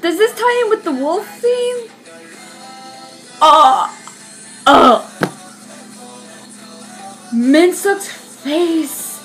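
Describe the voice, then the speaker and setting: A young woman hosting a reaction video, excitable, shrieking and laughing as she comments. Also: very high-pitched, drawn-out words, long pauses, soft background music.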